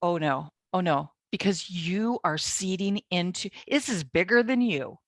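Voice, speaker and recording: A woman's voice: on the low side, lively intonation, a little slow, no echo, studio quality. A woman co-hosting a casual Bible study chat, affirming her partner and chiming in often. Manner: warm, affirming, chimes in often.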